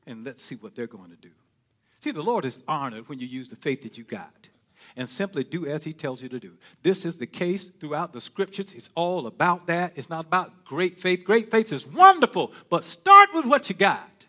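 A man a sermon, dropping to hushed murmurs and then rising to shouted, ringing cries. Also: a little high, very animated, moderate pace. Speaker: preacher.

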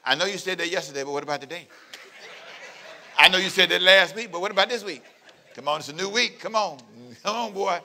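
A man's voice: high voice, fairly quick, sharp tone, full character voice. A man putting on a pushy, shameless flirt. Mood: coaxing. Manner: coaxing, teasing, insistent.

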